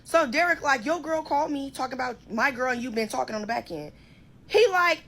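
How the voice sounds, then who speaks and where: High, bright-voiced woman ranting. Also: fast talker. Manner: profane, animated, quotes people in her own voice. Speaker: storyteller. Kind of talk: casual storytime rant.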